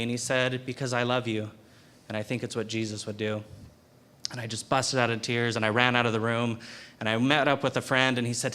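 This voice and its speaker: A man's voice: mid-range voice, little pitch movement, bright, forceful tone, clean tone. Earnest young man giving testimony. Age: young adult. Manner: earnest, halting, with frequent repeated words. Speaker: student speaker. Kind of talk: personal testimony. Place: university chapel.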